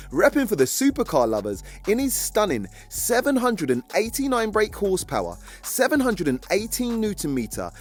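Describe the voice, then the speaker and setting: Energetic car-show host, animated pitch. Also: male voice. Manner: energetic, lively hype delivery. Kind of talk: hyped narration and casual chat.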